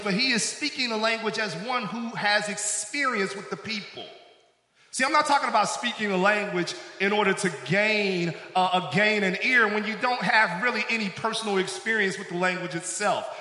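A man's voice: high voice, normal speed, bright, forceful tone. A man preaching a sermon as pastor, calling out to the congregation for responses. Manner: preaching with call-outs to the congregation. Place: church sanctuary. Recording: echoey hall with long reverb.

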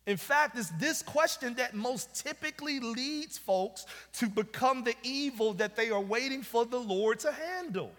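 A man's voice: very high-pitched, animated, measured pace, few pauses, fairly bright tone. A man preaching a sermon as pastor, driving his points home with emphatic, repeated rhetorical questions. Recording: long reverb of a large hall.

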